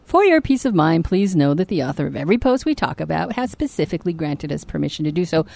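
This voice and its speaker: Lively teasing woman podcast co-host. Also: deep voice, quick pace, gravelly. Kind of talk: casual chat.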